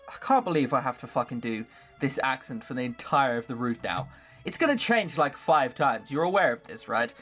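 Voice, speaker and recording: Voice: medium pitch, animated, fairly quick, a bit bright, soft background music. A host reading a visual novel aloud and adding sarcastic, profane commentary. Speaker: let's play host.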